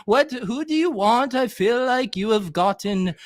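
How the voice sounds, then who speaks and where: A man's voice: very high voice, animated, measured pace, no echo. A young man hosting a casual comedic stream, teasing his co-host and slipping into goofy bits. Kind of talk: casual comedic livestream banter.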